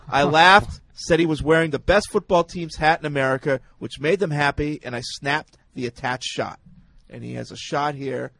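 A man's voice: fairly high pitch, normal speed, creaky, fairly bright tone, rough recording. A man hosting a casual sports radio show, reading listener emails aloud between banter.

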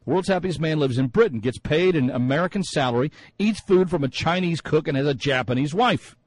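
A man's voice: on the high side, expressive, a little fast, low-quality recording. A man hosting a sports talk radio show, musing in a chatty way with many fillers and restarts.

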